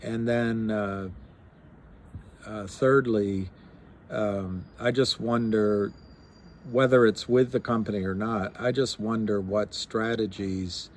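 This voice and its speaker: Guy streaming live, slow talker, lots of ums and restarts, faint room hum behind. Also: lowish voice. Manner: rambling, many fillers and restarts, reads numbers aloud. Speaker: livestream host talking stocks. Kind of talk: casual live-stream chat.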